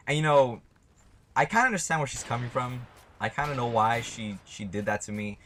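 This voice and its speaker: A man's voice: mid-range voice, expressive, normal speed, fairly bright tone, slight background noise. A young man telling a story to his camera in a casual, rambling way, swearing often and speaking bluntly. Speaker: vlogger.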